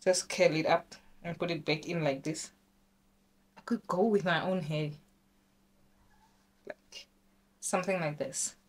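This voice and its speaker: A young woman from Namibia chatting casually in a vlog, excitable and talkative, with sudden high squeals. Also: a little slow, long pauses. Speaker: vlogger.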